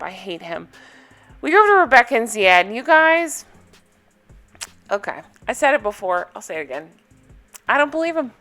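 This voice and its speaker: A woman's voice: on the high side, fairly bright tone. A woman vlogger chatting casually through a TV recap, blunt and opinionated, often laughing.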